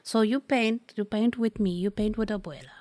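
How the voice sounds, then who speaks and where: A woman's voice: medium pitch, no echo, close to an everyday voice. A woman doing a frail whispering great-grandma. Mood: doting. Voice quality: frail, soft, breathy whisper. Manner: halting, repeats words, broken phrasing. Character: frail blind grandmother near a hundred. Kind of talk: whispered role-play.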